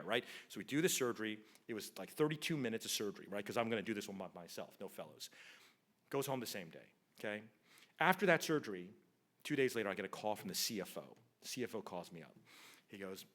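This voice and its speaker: Surgeon lecturing in a chatty, emphatic way. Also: male voice, medium pitch, animated, fast talker, fairly bright tone. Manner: conversational, tags nearly every point with "right?", acts out quoted dialogue. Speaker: spine surgeon giving a conference talk. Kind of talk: conference lecture with anecdotes. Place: lecture hall.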